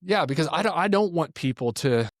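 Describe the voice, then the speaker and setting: A man's voice: fairly high pitch, a little fast, no room sound. Man telling ministry stories, dry sound. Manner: animated storyteller acting out quotes. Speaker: pastor and ministry teacher. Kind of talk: conversational podcast storytelling.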